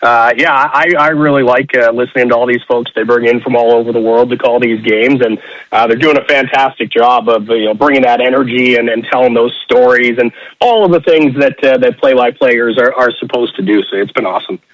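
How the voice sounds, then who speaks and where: A man calls in as a guest on a radio chat, talking in an easygoing way with plenty of fillers. His voice sits at a middle pitch. The sound is dull and lo-fi, with a dry feel. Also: steady tone, a little fast, dry recording. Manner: easygoing, laughs often, many fillers. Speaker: play-by-play announcer guest.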